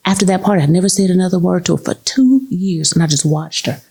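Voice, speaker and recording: Speaking fast in a fairly low, slightly rough voice, an American guest spins a story in casual conversation. She's animated, performing the voices of each person in the tale.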